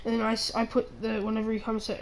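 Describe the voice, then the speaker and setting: A teenage girl ranting on her own channel, rambling and halting with many restarts, sounding indignant. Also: fairly high pitch, monotone, low-quality recording. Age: teens. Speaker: channel owner. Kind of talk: ranting vlog.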